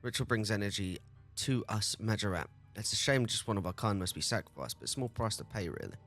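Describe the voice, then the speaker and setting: An age-old sorcerer creature from a fantasy game, tired of battle and speaking with stiff formality, as a man reads its lines. The voice sits low, with quiet music underneath. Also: fast. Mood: weary, solemn. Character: ancient weary male demon-like sorcerer, formal.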